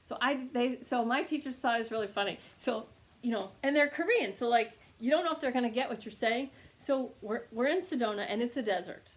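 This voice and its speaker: A woman reiki teacher telling a casual teaching anecdote, animated and laughing often. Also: fairly high pitch, fairly quick. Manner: animated storytelling with frequent laughs.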